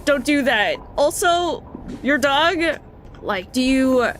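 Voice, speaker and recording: A woman voicing a chatty, pushy old man who keeps giving unasked advice, in a raised, loud voice. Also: sits high, lively intonation, slow pace, a little hiss or hum, pitched above the performer's own voice. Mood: insistent.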